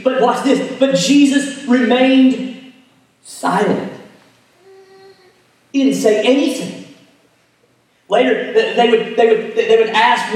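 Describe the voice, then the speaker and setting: A man preaching a sermon, retelling a scripture story, dropping to hushed tones and rising to emphatic ones. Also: very high voice, slow pace, long pauses. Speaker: pastor. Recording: echoey hall, mic at a distance.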